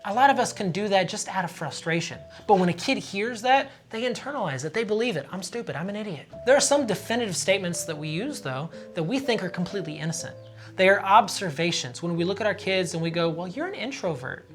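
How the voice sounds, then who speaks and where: A man's voice: high-pitched, fast talker, faint music behind. Earnest father giving parenting advice. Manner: steady, earnest, acts out short quoted phrases. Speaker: parenting channel host, father of daughters. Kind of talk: earnest advice talk to camera.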